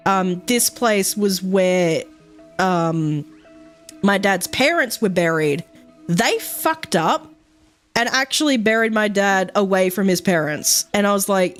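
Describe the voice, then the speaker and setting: A woman streaming, chatting casually and rambling with many fillers and frequent swearing. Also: fairly high pitch.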